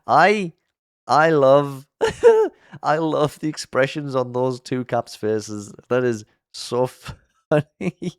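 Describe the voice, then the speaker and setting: A man hosting a casual commentary vlog, chatty and upbeat, with lots of fillers and restarts, and his voice jumps high when he gets sincere. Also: big pitch swings, very slow, clean tone, no echo, studio quality. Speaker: YouTube show host.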